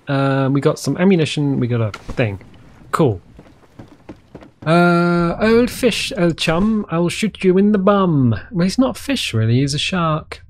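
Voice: medium pitch, a little mellow, slight background noise. A streamer giving casual gameplay commentary in a goofy, joking way, often talking to the creatures in the game.

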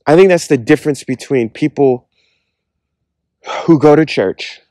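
A man's voice: on the high side, unhurried, mellow, dry recording. A man giving an earnest, conversational personal testimony about faith, often using casual fillers. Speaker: Christian speaker giving a testimony.

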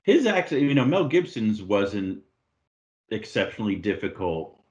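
A man's voice: on the low side, normal speed. A man from the United States, a guest author on a podcast, joking and telling stories in casual chat. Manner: joking, animated storyteller.

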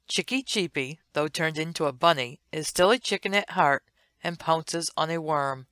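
A woman narrating an old comic strip as a read-along storybook, with a gentle, sing-song delivery and playful asides. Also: sits low, normal speed, no room sound, studio quality.

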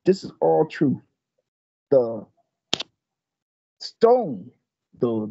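An older man, a martial arts master, telling a story in an interview, animated and stumbling over repeated words. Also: fairly high pitch, vocal fry, husky, no room sound, highs cut off.

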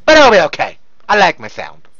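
A man commentating his own gameplay, loud and profane, often yelling into a close desk mic. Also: sits high, wildly swooping pitch, a little fast, dry recording, dull audio.

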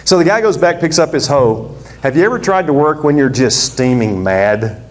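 Guy preaching, kinda high voice, goes big and dramatic doing all the characters. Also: lively intonation, moderate pace. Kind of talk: animated storytelling sermon.

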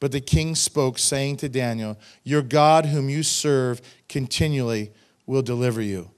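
A man's voice: medium pitch, a little slow, clear, resonant tone. A middle-aged man, a pastor, preaching a sermon, reading scripture and adding emphatic, conversational asides to the congregation. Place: church sanctuary.

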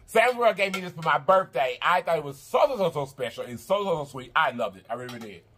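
A woman hosting an eating channel, chatty and effusive, talking casually to her viewers and repeating herself warmly. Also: low-pitched, animated, fast, a little hiss or hum. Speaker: mukbang channel host.

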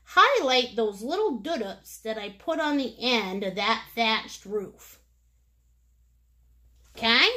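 High, bubbly silly painting teacher woman. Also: sing-song, slow pace, long pauses, pushed and bright. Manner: silly, joking, encouraging; chatty, endearing pet names. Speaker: painting instructor. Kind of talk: live painting lesson.

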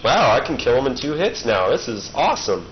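A man's voice: mid-range voice, very animated, a little fast. A man giving casual joking commentary while playing a video game, rambling and playful. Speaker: let's-play gamer. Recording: muffled with game noise behind. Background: game sounds.

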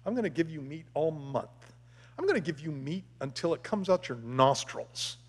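A man's voice: on the high side, animated, normal speed, husky. A man playing a fed-up God who answers whiners with dry, stern sarcasm. A long reverb trails the voice. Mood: sarcastic. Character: exasperated God answering complainers, male, stern.

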